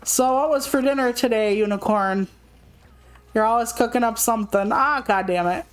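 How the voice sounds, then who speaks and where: A woman's voice: a little high, moderate pace, smooth, low-quality recording. Candid, swearing young woman streamer. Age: young adult. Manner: candid, rambling, swears freely. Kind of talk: casual gaming stream chat. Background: faint game music.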